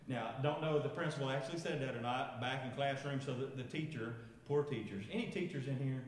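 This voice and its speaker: A man's voice: mid-range voice, fairly quick, slight background noise. A man, preaching a sermon and telling a funny story, chuckling as he goes and asking the congregation questions. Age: 50s. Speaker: pastor. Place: large echoey church sanctuary. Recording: echoey church hall with long reverb.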